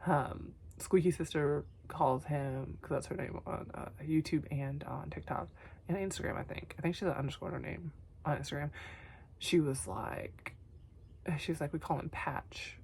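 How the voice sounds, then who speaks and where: A young woman talking tenderly to herself on camera in a vlog, soft and often whispery, teary, her voice going hoarse. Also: low voice, fairly even intonation, normal speed, a little hiss or hum. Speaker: vlogger. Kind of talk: emotional self-talk to camera.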